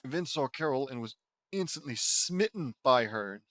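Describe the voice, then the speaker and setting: A man's voice: medium pitch, expressive, a little slow, fairly bright tone, no room sound, clean studio sound. A man casually reading his own fan fiction aloud, with self-deprecating asides and frequent self-corrections. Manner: self-deprecating, chatty, stumbles and corrects himself.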